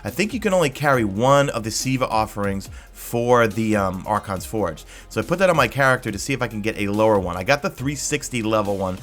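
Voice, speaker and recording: A man giving a casual gameplay guide as a gaming YouTuber, rambling and excited with quick asides. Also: on the low side, soft background music.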